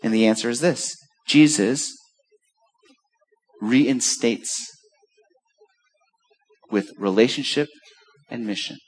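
A man preaching a sermon, telling a story with lively acted-out quotes. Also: medium pitch, slow pace, pauses often, husky. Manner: animated storytelling, acts out quoted voices. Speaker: pastor.

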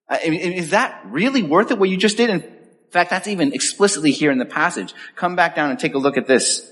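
Male pastor, sermon delivery, lively and expressive, slightly high voice, long hall reverb. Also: brisk. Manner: animated, acts out quoted voices.

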